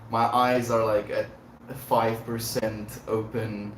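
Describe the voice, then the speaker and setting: Speaking slowly in a lowish, level voice, a man hosts a laid-back livestream, drifting through reflective thoughts and laughing often. The room sounds echoey, with faint noise behind him.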